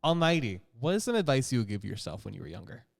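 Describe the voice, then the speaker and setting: A man's voice: medium pitch, fast, creaky, dry recording, clean studio sound. A young man co-hosting a podcast, chatting casually and joking at his own expense. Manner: animated, jokey, self-mocking. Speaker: podcast co-host. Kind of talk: casual chat.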